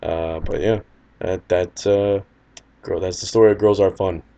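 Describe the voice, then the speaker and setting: Low-voiced man telling a rambling anecdote. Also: fairly even intonation, a little slow, vocal fry, warm tone, highs cut off. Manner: loose, rambling, wry storytelling. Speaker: storyteller. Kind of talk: casual personal anecdote.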